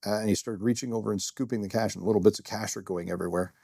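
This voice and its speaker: A man's voice: lowish voice, steady tone, racing, gravelly, warm tone, breathy edge, no room sound, studio quality. A middle-aged man, a security guard, telling a first-person story in a candid, self-deprecating way, rambling with fillers.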